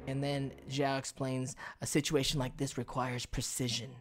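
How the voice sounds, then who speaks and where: Man, podcast co-host, relaxed storytelling, playful sound effects, mid voice. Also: mid-range voice, normal speed, crowd noise. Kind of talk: casual TV recap chat.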